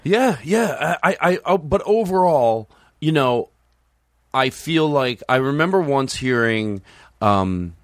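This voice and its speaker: A middle-aged man, a guest comedian, talking in a rambling, animated way on a podcast and breaking into acted quotes. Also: mid-range voice, slow, dry recording, clean studio sound. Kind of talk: casual podcast chat.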